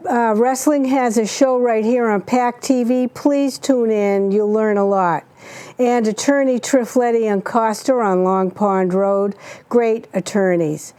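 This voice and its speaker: A woman's voice: on the high side, dark tone. A woman hosting a local cable talk show, chatty and gushing as she plugs sponsors and introduces guests.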